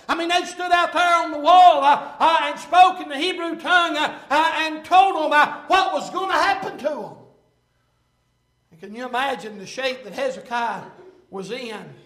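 A man preaching a sermon and reading scripture aloud, impassioned and swelling to shouts, with frequent "uh" fillers. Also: very high-pitched. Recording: echoey room.

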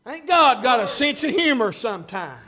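Preacher, man with a very high voice, fervent delivery with frequent hesitations and bursts of shouting. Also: very animated, moderate pace. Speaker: pastor. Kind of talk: sermon.

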